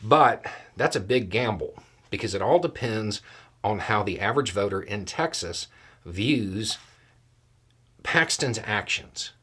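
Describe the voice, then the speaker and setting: A man as a guest analyst, explaining political outcomes in a steady, measured way. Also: fairly low pitch, breathy edge.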